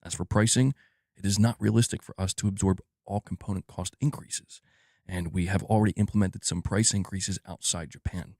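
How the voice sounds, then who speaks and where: A man putting on a formal corporate executive, speaking in a slow, careful, hushed manner. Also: deep voice, steady tone, vocal fry, no echo, studio quality, voice pushed down. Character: middle-aged male corporate executive, measured and formal.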